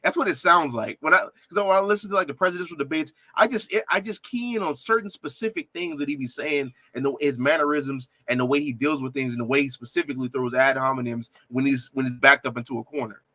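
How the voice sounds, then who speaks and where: A man's voice: mid-range voice, fast, few pauses, pushed and bright, no room sound. A man hosting a reaction video, commenting on a debate clip with indignant, laughing outbursts and stammered restarts.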